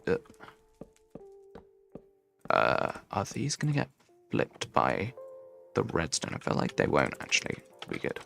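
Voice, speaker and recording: Young male streamer, Midlands English accent, very lively pitch swings, chatty and rambling. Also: unhurried, vocal fry, pauses often, faint music behind. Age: young adult. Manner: chatty, rambling, answers chat while building. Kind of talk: casual gaming livestream chat.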